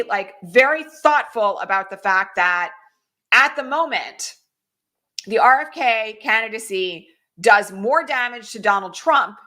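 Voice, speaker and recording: Woman in her 40s doing a political livestream, bright clear voice, chatty, lots of "right?" and "okay?". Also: fairly high pitch. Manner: conversational, frequent tag questions, emphatic. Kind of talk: casual political commentary.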